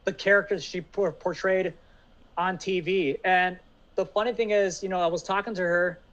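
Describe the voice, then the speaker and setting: A man's voice: high-pitched, steady tone, normal speed, a bit bright. A man co-hosting a casual podcast, chatting with enthusiasm and many fillers. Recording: dull lo-fi audio.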